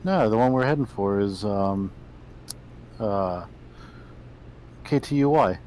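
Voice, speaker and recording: A man in a voice chat, joining the conversation casually and hesitantly, with filler pauses. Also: fairly low pitch, animated, darkish tone, a little hiss or hum. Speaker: voice-chat participant.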